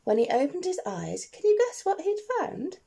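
A woman teacher reading a rhyming picture book aloud to children, expressive and playful, asking the listeners questions. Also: very high-pitched, normal speed, creaky.

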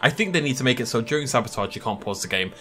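Chatty man, lively gameplay commentary. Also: mid-range voice, very fast. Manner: chatty, self-amused, laughs often. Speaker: gaming YouTuber.

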